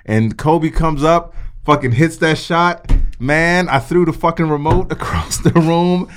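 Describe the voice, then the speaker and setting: A man with a slightly high voice, talking in a loose, animated podcast chat. He swears freely and tells his stories with plenty of push. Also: a little slow, slight background noise. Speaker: podcast co-host.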